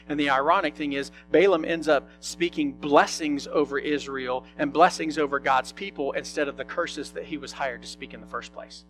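A man's voice: on the high side, fairly bright tone. A male pastor preaching a sermon in a conversational way, often asking his listeners questions. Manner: conversational, asks the congregation questions.

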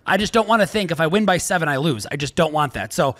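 A man co-hosting a sports betting show, talking picks in a loud, excitable, joking way that sometimes breaks into shouting. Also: on the high side, fast. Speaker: sports betting podcast co-host. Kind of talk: casual sports betting chat.

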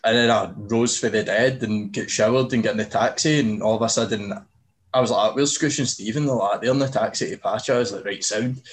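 Animated young host. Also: male voice, fairly low pitch, a little fast, a little hiss or hum. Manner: animated storyteller, swears freely. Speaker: podcast host. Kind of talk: casual chat.

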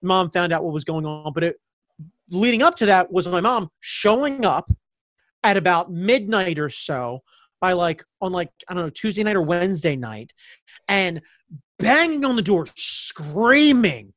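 A man's voice: high voice, very animated, measured pace, fairly bright tone, dry recording. Guy from baltimore county suburbs just rambling thru a story, lots of likes and ums, swears a bunch, dry sound. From suburbs of Baltimore County, Maryland. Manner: rambling, many fillers, blunt and profane. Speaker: guest telling a personal story. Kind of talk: casual storytelling chat.

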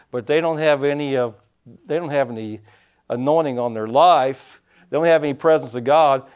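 A man preaching a sermon as pastor, folksy, telling stories and swinging his loudness up and down, from the United States. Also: fairly high pitch. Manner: folksy storytelling preacher, rising and dropping loudness.

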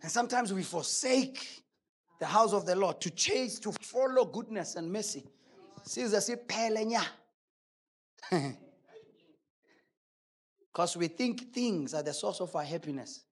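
A man's voice: high voice, animated, moderate pace, breathy edge. A male preacher delivering a sermon emphatically, asking rhetorical questions.

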